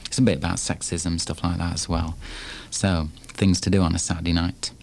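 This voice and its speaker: A man's voice: low voice, flat delivery, brisk, gravelly, a little mellow. A man from Yorkshire with a Yorkshire accent, performing his own poems in a punchy, rhythmic chant full of repeated refrains. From Yorkshire, England. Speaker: performance poet. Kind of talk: live performance poetry reading.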